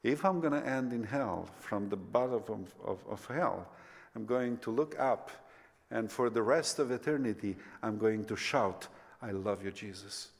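Slow-preaching man in a reverberant hall. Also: medium pitch, expressive, gravelly. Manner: impassioned, rising to near-shouts then dropping to soft whispers. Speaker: pastor. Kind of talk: sermon. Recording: long reverb of a church hall.

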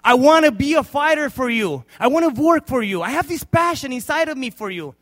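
A man voicing a frail, dying old man who pleads earnestly in a high, rising voice. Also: animated, brisk, heavily acted. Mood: pleading. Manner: pleading, rising to loud cries.

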